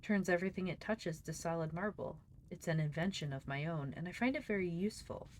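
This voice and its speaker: Boastful old wizard in a storybook reading, a woman reading him, low and steady. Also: brisk, slight background noise, lightly acted. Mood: proud. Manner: boastful, explaining. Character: proud old male magician, inventor.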